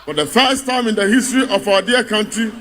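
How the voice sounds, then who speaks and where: A man's voice: sits high, brisk, sharp tone, a little hiss or hum. A man with a Ghanaian accent delivering a mocking political speech to a party congress, building up rhetorical refrains. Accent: Ghanaian English.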